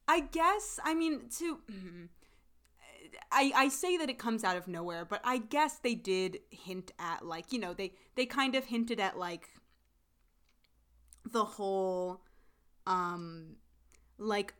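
A woman's voice: medium pitch, slow, long pauses. Chatty woman recapping a show. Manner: animated, laughs often, rambling with fillers. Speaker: podcast co-host. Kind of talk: casual recap chat.

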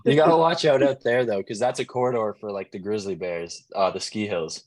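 A man's voice: lowish voice, brisk, darkish tone, no room sound. A man hosting a podcast, upbeat and talkative in casual chat. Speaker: podcast host.

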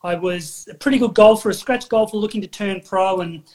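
A man's voice: high voice, fairly quick, a little mellow. A man hosting a podcast, talking in an enthusiastic, encouraging way. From Australia. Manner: enthusiastic, encouraging, backchannels often. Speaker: podcast host. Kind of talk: casual interview chat.

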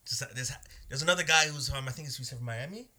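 A young man telling stories in a casual chat, animated and slangy, acting out what people said. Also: medium pitch, fast. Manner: animated, laughing, slangy, acts out quotes. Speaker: podcast co-host and food vendor.

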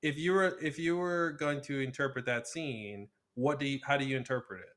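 A man in casual podcast talk with a bright, forceful tone. He lays out his reasoning step by step and often hedges with "you know". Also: medium pitch, fairly quick. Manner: analytical, building an argument.

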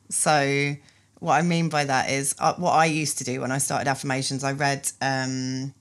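A low-pitched woman hosts a podcast in a casual interview. She talks candidly and animates her own stories as she questions her guest. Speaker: podcast host.

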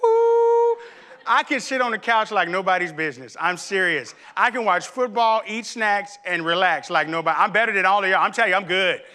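A pastor giving a comic sermon, a man telling stories in an animated, playful way with sudden loud outbursts. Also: high-pitched, fairly quick, few pauses.

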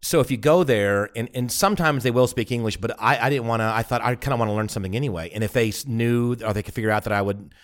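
A man's voice: mid-range voice, fast, few pauses. A man co-hosting a casual podcast, telling stories with frequent restarts and swearing. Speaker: podcast co-host. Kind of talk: casual chat.

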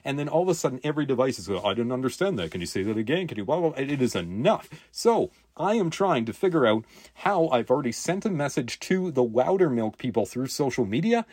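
A middle-aged man hosting a podcast, telling a rambling, animated story full of quoted dialogue. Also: medium pitch, quick pace, dry recording, studio quality. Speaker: podcast host. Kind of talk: casual storytelling chat.

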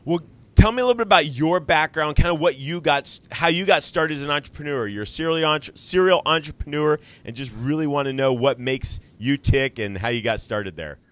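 A man's voice: fairly high pitch, a little fast, fairly bright tone. A man hosting an interview podcast, introducing his guest with upbeat energy. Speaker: podcast host.

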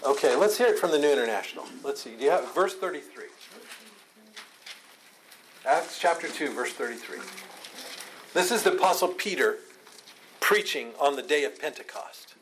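A man's voice: on the high side, animated, normal speed, long pauses, a little hiss or hum. A man leading a Bible study, teaching with emphatic, repeated phrases.

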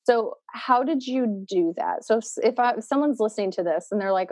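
A woman's voice: on the high side, moderate pace, few pauses, darkish tone, dry recording. Thoughtful woman host, dry sound. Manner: thoughtful, summarizing, probing. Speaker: podcast host. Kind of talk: reflective interview talk.

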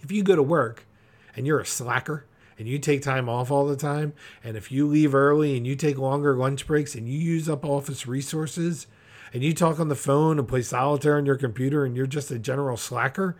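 A man preaching a practical podcast sermon, emphatic and direct, acting out quick quotes to make his points. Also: mid-range voice, steady tone.

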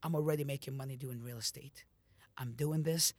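A man's voice: medium pitch, fairly even intonation, a little fast, darkish tone, dry recording. Blunt, profane motivational podcast man. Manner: blunt, profane, preachy pep talk. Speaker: podcast host, motivational speaker. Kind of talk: motivational monologue.

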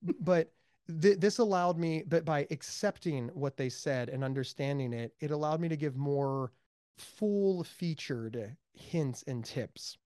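An American man being interviewed as a mental health advocate, speaking emphatically and with high energy, repeating words for stress. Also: unhurried, darkish tone, no echo, studio quality. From United States. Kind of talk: animated interview talk.

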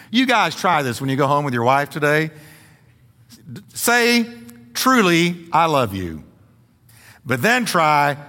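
In a church sanctuary, a pastor preaches a sermon in a fairly high voice with big pitch swings, a measured pace, and a sharp tone, trailed by long reverb. He drives points home by repeating words and jokes with the congregation in a folksy way.

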